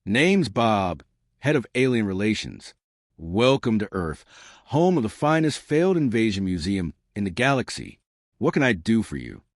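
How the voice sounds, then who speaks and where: A man's voice: lowish voice, very animated, moderate pace, no echo, studio quality. A man voicing a laid-back, teasing head of alien relations with a casual, breezy manner.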